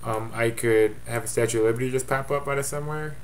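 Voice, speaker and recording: A man's voice: mid-range voice, fairly even intonation, fast talker, a little hiss or hum. Offhand rambling man on a webcam. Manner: offhand and rambling, jokey asides. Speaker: fantasy football league commissioner. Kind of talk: casual webcam update.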